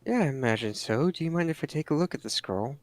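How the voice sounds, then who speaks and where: A man's voice: on the high side, lively intonation, quick pace, crowd noise. A man playing in a tabletop game, asking polite, curious questions. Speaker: player. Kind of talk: casual tabletop role-play.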